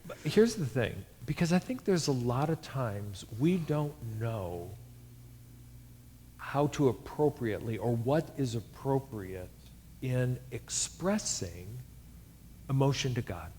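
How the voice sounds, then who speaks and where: A man interviewing a guest in church, asking slow, thoughtful questions. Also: mid-range voice, big pitch swings, dark tone, slight background noise. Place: church sanctuary. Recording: long hall reverb.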